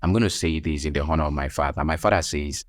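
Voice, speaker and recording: A man's voice: a bass voice, fast, dry recording, studio quality. A man with a Nigerian accent hosting a health podcast as a nurse, talking emphatically with teasing asides.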